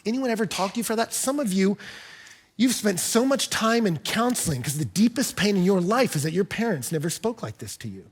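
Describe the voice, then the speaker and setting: A male pastor delivering an impassioned sermon in a church, swinging between hushed, quiet phrases and loud, emphatic lines. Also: a little high, lively intonation, brisk, husky.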